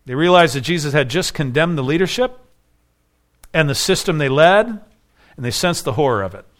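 A man's voice: fairly high pitch, lively intonation, moderate pace, fairly bright tone. A man preaching an expository sermon as pastor, emphatic and full of rhetorical questions.

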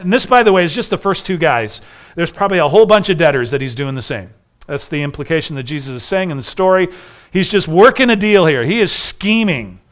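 Animated male preacher, fairly high voice. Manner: animated storytelling, acts out dialogue. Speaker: pastor. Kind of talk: sermon.

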